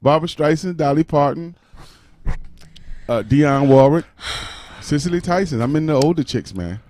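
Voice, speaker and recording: A man's voice: on the high side, lively intonation, normal speed, a little mellow, slight background noise. A man co-hosting an online radio talk show, joking and laughing often in casual banter. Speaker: co-host. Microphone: studio mic.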